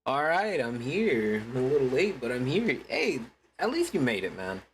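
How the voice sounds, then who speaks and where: A man's voice: medium pitch, huge pitch swings, a little hiss or hum. Rambling, cursing male streamer. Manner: rambling, many restarts and swearing; uses a deliberately put-on streaming voice. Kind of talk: casual livestream chat.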